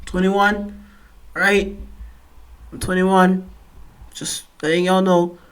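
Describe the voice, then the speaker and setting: Young male reaction host, 21, stuffy nose, high voice, excitable and rambling. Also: takes it slowly, clean tone. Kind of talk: casual reaction commentary.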